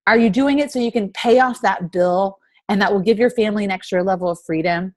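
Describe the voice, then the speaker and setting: A woman's voice: mid-range voice, fairly quick. A woman in her thirties leading a motivational team call over video chat, full of rhetorical questions. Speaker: team leader.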